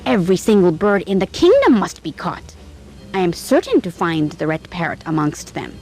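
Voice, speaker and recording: A woman's voice: fairly low pitch, sing-song, moderate pace, a little mellow, faint music behind, low-quality recording. A woman voicing a spoiled, cruel young princess who speaks in a stern, commanding way. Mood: imperious.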